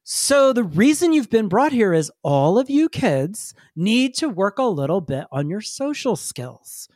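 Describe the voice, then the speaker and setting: A woman's voice: medium pitch, sing-song, unhurried, darkish tone, no echo, clean studio sound. A woman voicing a sweet, fussy female councillor who coos and gushes. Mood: patronizing.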